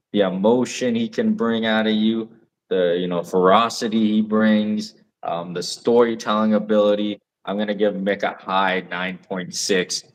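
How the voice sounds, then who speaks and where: Young dude on a podcast, lowish voice, eager and rambly, lots of ums. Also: male voice. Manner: enthusiastic, rambling with fillers. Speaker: podcast co-host. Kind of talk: casual chat.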